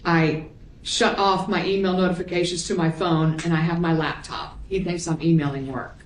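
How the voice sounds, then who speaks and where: A woman prosecutor reading messages and timestamps aloud into the court record in a measured voice. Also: fairly low pitch, fairly even intonation, slight background noise. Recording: echoey courtroom audio.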